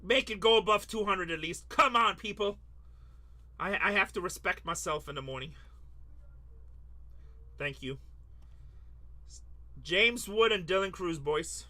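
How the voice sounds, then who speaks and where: A man's voice: high-pitched, unhurried, pauses often, sharp tone. A man hosting a live sports card break, rattling off lists in a teasing, joking selling patter.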